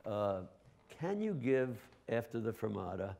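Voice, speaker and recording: A man teaching a live master class to a chamber ensemble, pausing often on filler sounds and singing the musical phrases with nonsense syllables. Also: mid-range voice, lively intonation, creaky, warm tone. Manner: halting, with frequent filler sounds.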